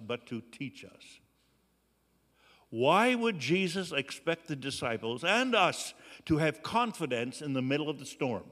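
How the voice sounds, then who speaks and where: A man preaching a sermon, earnest and slow, with dramatic pauses. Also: on the high side, fairly bright tone, big-room sound. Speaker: pastor.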